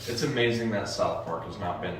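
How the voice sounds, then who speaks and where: A man's voice: sits low, brisk. A man co-hosting a podcast in casual chat, rambling through funny stories he has seen and swearing casually. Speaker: podcast co-host. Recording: echoey room, distant mic, faint noise.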